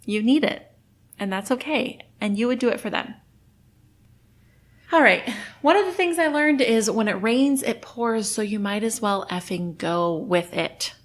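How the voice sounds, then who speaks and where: A woman's voice: fairly high pitch, animated, unhurried. A young adult woman hosting a solo podcast, talking in a candid, encouraging way and laughing often. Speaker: podcast host.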